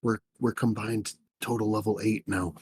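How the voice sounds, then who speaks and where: A man's voice: fairly low pitch, flat delivery, normal speed, darkish tone, slightly rough. A man playing in a tabletop game, chatting casually and often repeating himself. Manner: repeats himself, stumbles over words. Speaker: player.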